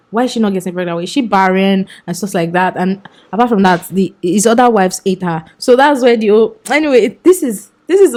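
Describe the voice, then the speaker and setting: A woman's voice: medium pitch, darkish tone. A young woman chatting enthusiastically through a casual book review vlog, often laughing.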